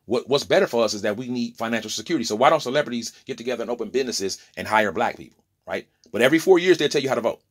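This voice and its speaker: He races along in an expressive, slightly rough mid-range voice: a forties-aged opinion vlogger giving a heated monologue. His delivery is impassioned and preachy in places, with repeated words and stumbling restarts as he presses each point.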